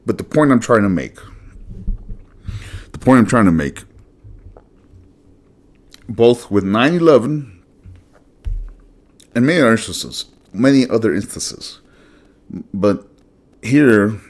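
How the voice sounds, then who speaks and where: Man, low voice, slow swearing rant with swooping pitch, blunt host delivery. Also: animated. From United States. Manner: blunt, profane, emphatic. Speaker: channel host. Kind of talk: solo ranting monologue.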